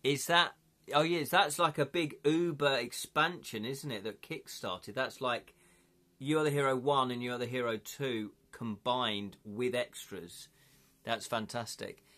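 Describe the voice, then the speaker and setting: Bright-voiced man hosting a live stream. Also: medium pitch, a little slow. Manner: chatty, laughs often, reads out comments. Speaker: livestream host. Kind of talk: casual live stream chat with viewers.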